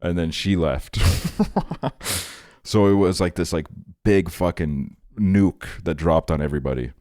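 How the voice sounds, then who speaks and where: Deep-voiced, laid-back young man streaming. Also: measured pace, a little mellow, no echo, clean studio sound. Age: 20s. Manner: rambling, laid-back, laughs often, talks to chat. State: tired. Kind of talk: casual late-night stream chat.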